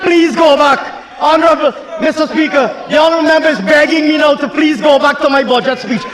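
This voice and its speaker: A man's voice: extremely high pitch, steady tone, brisk, a bit bright. A man with a Guyanese accent, a government minister giving a heated, taunting parliamentary speech full of repetition. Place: parliament chamber. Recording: long chamber reverb, faint murmuring crowd.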